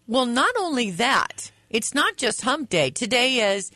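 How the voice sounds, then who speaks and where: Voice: mid-range voice, sing-song, measured pace, hardly any pauses, pushed and bright, dry recording. A co-host on a casual morning radio show, speaking in an upbeat, teasing way. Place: radio studio.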